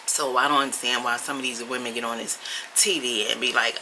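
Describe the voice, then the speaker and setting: A woman's voice: rumbling low, steady tone, a little fast, noisy background. A woman talking casually to her camera as a vlogger, chatty, blunt and sassy. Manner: chatty, blunt and sassy, with frequent laughs and mild swearing.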